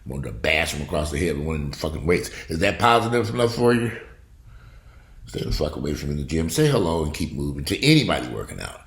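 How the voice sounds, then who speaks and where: Gravelly, blunt man ranting to camera. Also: big pitch swings, fast, reverberant. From United States. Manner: profane, blunt, swings from loud outbursts to low grumbling. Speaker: vlogger. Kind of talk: casual ranting monologue to camera.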